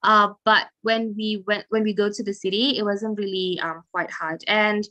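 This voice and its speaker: A woman's voice: mid-range voice, steady tone, dull audio. Chatty Indonesian woman on a video call. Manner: chatty, quick, with fillers and soft trailing asides. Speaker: guest speaker. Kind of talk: webinar Q&A answer.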